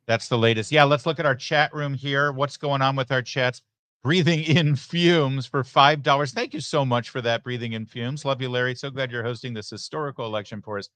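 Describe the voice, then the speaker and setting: A man's voice: medium pitch, quick pace, few pauses, clean tone, no room sound. A middle-aged man hosting a live election night stream, reading viewer messages in a chatty, joking way with many asides. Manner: chatty, joking asides, lively ups and downs. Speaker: host. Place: election watch party venue.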